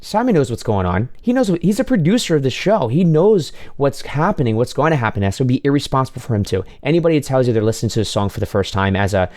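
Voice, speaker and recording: A man working as a vocal coach, reacting to a performance with animated, exclaiming commentary. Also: mid-range voice, fast talker, hardly any pauses. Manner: animated, exclaiming, talks over the clip.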